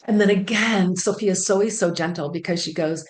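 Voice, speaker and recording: A woman with a fairly low voice talks through a channeled spiritual message. She speaks in an earnest, soft way, repeating phrases and pausing on fillers. The room around her sounds echoey. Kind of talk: casual spiritual talk relaying channeled messages.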